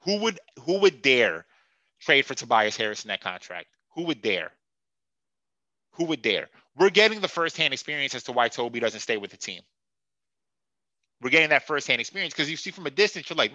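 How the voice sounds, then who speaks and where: A man's voice: medium pitch, sing-song, fairly quick, pushed and bright, dry recording. A man hosting a sports podcast who rants in a profane, sarcastic and heated way. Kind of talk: casual sports rant.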